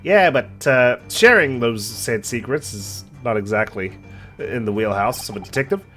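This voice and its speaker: Animated young man playing a game. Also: medium pitch, moderate pace. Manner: animated, reacts and jokes between read lines. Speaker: gaming channel host. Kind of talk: let's play commentary reading dialogue aloud. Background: faint game music.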